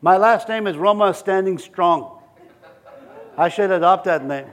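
A male pastor preaching a sermon in a church, animated and joking, acting out scenes and laughing with the congregation. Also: high voice, unhurried, highs cut off.

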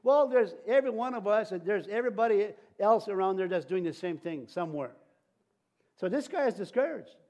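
Male preacher, high voice, sermon, halting, restarts, joking asides. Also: lively intonation, a little mellow. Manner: halting, with many restarts and light jokes.

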